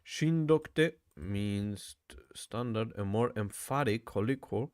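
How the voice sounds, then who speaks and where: A man's voice: lowish voice, expressive, measured pace, darkish tone, clean tone. Chatty man repeating words aloud. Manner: thinks aloud, repeats words, says "bro" often. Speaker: language learner vlogger. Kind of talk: casual study vlog.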